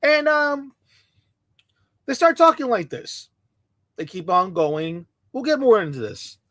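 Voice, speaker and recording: A man co-hosting a reaction commentary, loud and mocking, often shouting and mimicking others. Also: very high-pitched, very animated, takes it slowly, no echo. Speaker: commentary show co-host.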